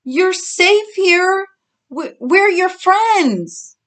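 A woman's voice: high-pitched, big pitch swings, slow, pitched above the performer's own voice, exaggerated voice. A woman voicing a kind young girl piglet with a sweet, coaxing way of talking, in a storybook reading. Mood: gentle.

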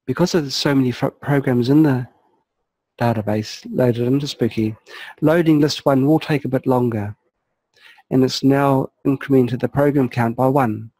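A man calmly narrating a software walkthrough step by step, explaining each setting as he clicks through it. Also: mid-range voice, moderate pace, no room sound, poor audio. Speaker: software tutorial presenter. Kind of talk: screen-recorded software walkthrough.

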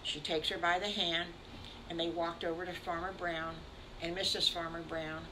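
A woman's voice: on the low side, normal speed, background noise. Older woman telling a children's story. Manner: warm, animated, addresses children.

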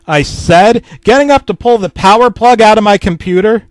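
A man's voice: high voice, moderate pace, dry recording. A man reading a comedic creepypasta in a mock-serious, self-deprecating tone, swearing freely. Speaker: narrator.

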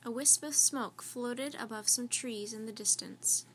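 A woman reading a children's story aloud in a gentle, clear, steady storytelling manner. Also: fairly high pitch, unhurried, a little hiss or hum.

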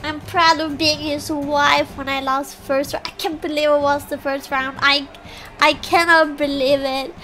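A woman's voice: high voice, little pitch movement, normal speed, hardly any pauses, fairly bright tone. A woman streaming a game, chatting casually, laughing often and cheering or groaning at what happens on screen. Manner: giggly, laughs often between lines. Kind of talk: casual live gameplay chat. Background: faint background music.

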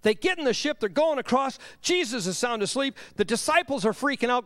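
A man preaching a sermon in church, swinging between loud emphatic lines and hushed low asides. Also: lively intonation, fairly quick, few pauses, no room sound. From Southern US. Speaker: pastor.

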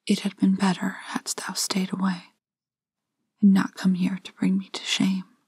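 A proud, scornful boy spits cold, haughty words in a whispered role-play, as a woman reads him from a storybook. The voice is all breath, slow and level, with a dry close sound. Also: medium pitch, monotone, darkish tone, slightly rough, no room sound.

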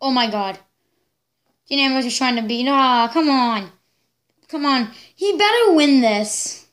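Hosting a reaction video, a woman gives excitable live commentary, exclaiming and laughing along as she watches. Her voice sits high and moves a little slowly.

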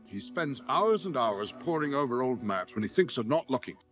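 A man's voice: medium pitch, very animated, normal speed, soft background music, close to an everyday voice. A man's converted voice playing a worried, earnest young male hobbit, talking in a confiding way.

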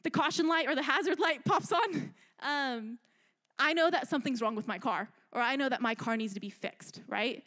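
A young adult woman giving a youth sermon in an animated, chatty way, often checking in with "right?". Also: sits high, normal speed. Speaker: youth speaker.

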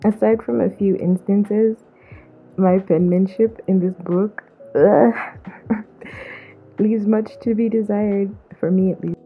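A woman's voice: medium pitch, fairly even intonation, faint music behind. A woman from Zambia narrating her own vlog in a casual, playful, self-mocking way. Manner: playful, self-mocking, drawn-out slang asides. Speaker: vlogger. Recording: muffled phone-like mic.

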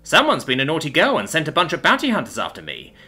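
A man's voice: mid-range voice, very animated, fast talker, sharp tone, husky, heavily acted. A man doing Jack, a sarcastic hot-headed human student. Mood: mocking. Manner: sarcastic, snarling.

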